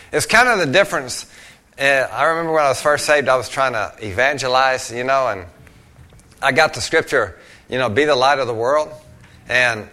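A man's voice: a little high, pushed and bright. A middle-aged man preaching a conversational sermon, telling stories and rising to emphatic peaks.

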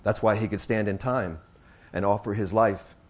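A man preaching to his congregation speaks on the low side, moving from hushed, slow passages to loud, excited exclamations and repeating phrases for emphasis.

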